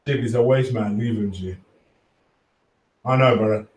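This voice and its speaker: A man hosting a casual fan live stream, reading chat, swearing freely and giving shout-outs to viewers. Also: medium pitch, steady tone, unhurried, far from the mic. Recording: echoey room, voice off-mic at times.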